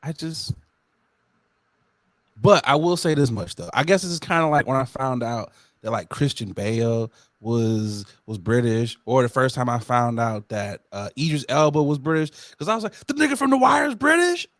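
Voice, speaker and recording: A man co-hosting a podcast, telling stories in an animated, incredulous casual chat. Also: mid-range voice, normal speed, dry recording. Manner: animated, incredulous storytelling with laughs. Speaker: podcast co-host.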